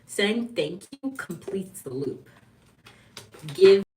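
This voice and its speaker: A woman chatting casually on a livestream vlog, animated, laughing often, and acting out quoted lines. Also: medium pitch, slow pace, far from the mic, slight background noise. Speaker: lifestyle vlogger.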